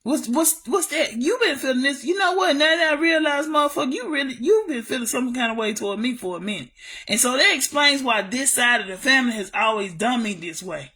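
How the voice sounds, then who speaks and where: A woman rants to her audience about relatives who wronged her, cursing hard and hammering the same points again and again. Her voice sits high and has a husky, breathy grain. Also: lively intonation, fairly quick, sharp tone. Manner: profane, ranting, repeats herself, addresses viewers as y'all. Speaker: vlogger telling a family story. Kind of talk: angry storytime rant.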